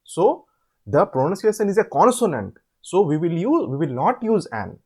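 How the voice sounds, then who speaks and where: A man explaining an assignment step by step. He asks questions and answers them himself, and repeats words slowly to show how they are said. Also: high-pitched, sing-song, a little mellow, slightly rough. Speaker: online tutor.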